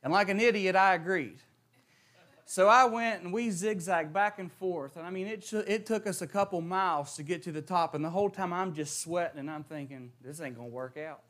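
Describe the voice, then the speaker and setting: High-voiced preacher. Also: male voice, brisk, fairly bright tone. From West Virginia. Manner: reads scripture, prays, then tells stories with rising emphasis. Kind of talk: sermon.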